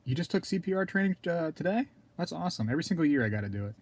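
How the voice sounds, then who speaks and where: A man hosting a casual live stream, rambling to viewers in chat and clearing his throat often. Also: a little high, big pitch swings, racing, a little mellow. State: throat scratchy, keeps coughing.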